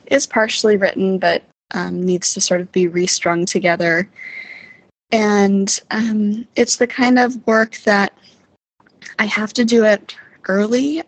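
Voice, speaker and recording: A woman speaks in her just-woken morning voice, keeping an even, level tone. Her recording is dry and close, without room sound. She talks hesitantly and reflectively, like a personal spoken diary. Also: medium pitch, dry recording, poor audio. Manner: hesitant, reflective, many ums. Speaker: vlogger, musical writer.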